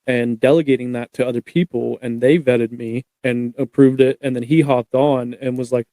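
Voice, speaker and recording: A man's voice: mid-range voice, steady tone, normal speed, dark tone, no room sound. A young man hosting a podcast, talking in a laid-back, rambling way full of fillers. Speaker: podcast host. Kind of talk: casual podcast chat.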